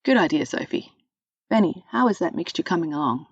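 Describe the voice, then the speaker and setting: A woman reading a storybook voicing a kind mother who gently gives baking instructions. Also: on the low side, animated, brisk, slightly rough, dry recording, dull audio.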